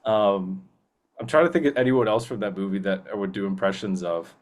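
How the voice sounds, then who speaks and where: A male voice actor, a guest in a casual interview, chatting eagerly and rambling with many fillers and restarts. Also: lowish voice. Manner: slips into quick movie-character impressions.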